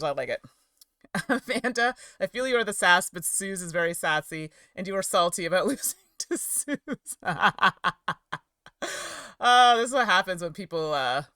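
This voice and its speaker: A woman's voice: lowish voice, pushed and bright, no room sound, clean studio sound. A middle-aged woman chatting casually with her livestream audience from home, rambling and often giggling. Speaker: streamer and game reviewer. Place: home office.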